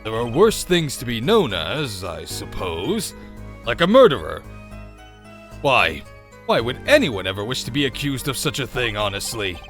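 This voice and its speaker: A weary old courtroom judge, as a man plays him, dry, exasperated and mock-formal. His pitch rises and falls widely, with soft music behind. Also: big pitch swings, moderate pace. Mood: wry. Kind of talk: voicing game dialogue.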